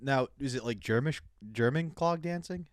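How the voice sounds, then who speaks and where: A man's voice: mid-range voice, moderate pace, no echo, clean studio sound. A man co-hosting a casual comedy podcast, reacting with big laughs and telling rambling stories. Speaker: podcast co-host.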